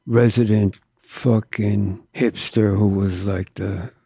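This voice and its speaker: A man's voice: lowish voice, fairly even intonation, slow pace, gravelly, mellow, breathy edge, dry recording, studio quality. An older man from Southern California, a tattoo artist telling stories in a laid-back, profane drawl as an interview guest. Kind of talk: casual storytelling.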